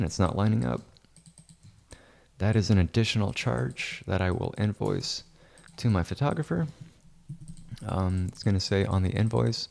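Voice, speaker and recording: A man with a lowish, creaky, slightly mellow voice streams himself editing photos in a casual livestream. He jokes and boasts in rambling asides, sometimes dropping to a whisper.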